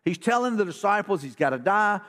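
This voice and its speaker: A man's voice: high voice, animated, brisk, fairly bright tone. A man preaching a casual, conversational sermon as pastor in a church, with folksy repetitions and restarts. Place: church sanctuary.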